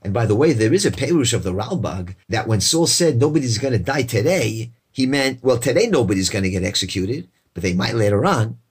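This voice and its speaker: A man with a slightly husky voice leads a verse-by-verse Bible lesson. He reads each verse in Hebrew, translates it, and explains it in a lively way, voicing the characters as he quotes them. His pitch sits in the middle range for a man. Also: fairly quick, few pauses. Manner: lively, acts out quoted speakers. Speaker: Bible teacher.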